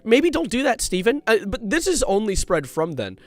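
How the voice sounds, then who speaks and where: Lively, animated young male streamer. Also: high-pitched, moderate pace, no room sound, soft background music. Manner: rambling, animated, jumps between chat and topic. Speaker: live streamer. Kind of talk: casual live-stream chat.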